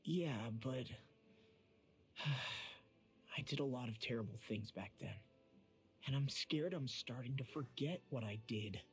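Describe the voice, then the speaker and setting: A man's voice: mid-range voice, animated, a little slow, long pauses, lightly acted. An actor playing a brash young male fighter in a game, blunt and earnest but haunted by his past. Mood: troubled. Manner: bluntly earnest, turns quiet and hesitant. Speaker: game character. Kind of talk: game dialogue acting. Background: game music.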